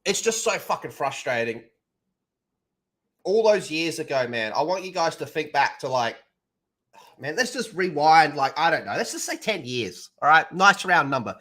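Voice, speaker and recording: A male streamer ranting on his livestream, swearing freely and dripping with sarcasm. His voice sits a little high and sounds bright and sharp. The pitch swings widely as he works himself up. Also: lively intonation, normal speed. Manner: heated, profane, sarcastic ranting. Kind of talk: livestream rant.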